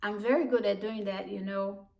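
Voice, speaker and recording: A woman telling a personal story about her own life in a halting, emotional way, with broken restarts. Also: medium pitch, fairly even intonation, vocal fry, darkish tone. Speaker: immigrant community worker. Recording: voice distant from the mic.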